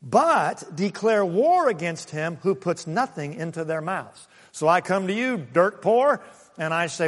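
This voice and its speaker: Guy preaching, kinda high voice, chatty storytelling then punching his points, big echoey hall. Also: sing-song, a little slow. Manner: conversational preaching with anecdotes and chuckles; swings from soft asides to raised emphatic points. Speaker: pastor. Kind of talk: sermon.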